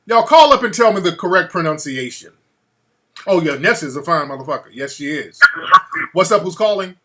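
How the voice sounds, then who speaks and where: A man's voice: on the high side, very animated, brisk, fairly bright tone, slight background noise. A man hosting a call-in talk show, chatting loosely and cursing freely. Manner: profane, loose and conversational. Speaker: radio talk show host.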